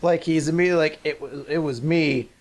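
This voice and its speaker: A man's voice: fairly high pitch, steady tone, fast talker, a little hiss or hum. A man co-hosting a casual podcast, joking and swearing as he riffs on a manga chapter. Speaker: podcast co-host. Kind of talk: casual chat.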